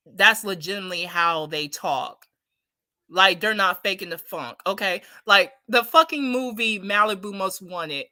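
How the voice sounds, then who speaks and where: A woman's voice: medium pitch, sharp tone, no echo. A woman giving a casual, heated, profane opinion rant to her viewers, blunt and repeating herself for emphasis. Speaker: commentary streamer.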